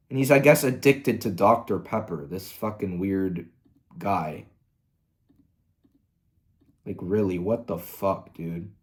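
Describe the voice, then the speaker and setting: A man's voice: low voice, slow pace, pauses often. A man hosting a commentary video, ranting in an angry, profane, exasperated way. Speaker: commentary host.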